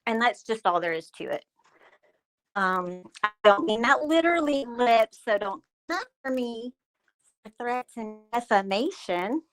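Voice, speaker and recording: Slow, mocking woman streamer. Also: a little high, animated, low-quality recording. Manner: mocking, sarcastic, addresses a rival directly. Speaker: livestream host. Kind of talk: ranting commentary livestream. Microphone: streaming mic.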